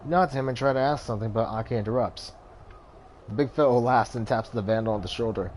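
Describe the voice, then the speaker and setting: A man's voice: mid-range voice, fast, darkish tone, a little hiss or hum. A man hosting a let's play, reading the game's narration and chatting casually with apologetic asides. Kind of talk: reading a game aloud with casual commentary. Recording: game music underneath.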